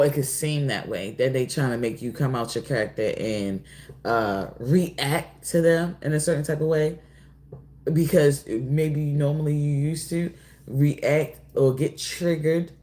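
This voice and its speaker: A woman doing a casual oracle card reading, drawling and rambling, often pausing to apologize. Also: a bass voice, warm tone. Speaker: tarot reader.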